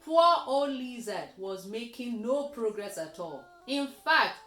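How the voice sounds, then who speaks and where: A woman reading a children's story aloud, slowly and expressively, as host of a kids' reading session. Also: fairly high pitch, reverberant, faint music behind. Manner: slow, expressive read-aloud with lively voices.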